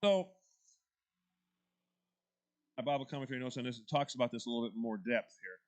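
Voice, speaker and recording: A man's voice: mid-range voice, a little fast. A man leading a church Bible study class, talking through the text in a conversational way and putting questions to the group.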